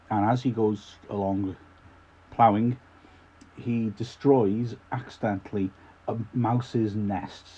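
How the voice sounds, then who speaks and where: A man's voice: lowish voice, warm tone, slightly rough, highs cut off. A male teacher giving a classroom lesson on a poem, explaining informally and often restarting his sentences.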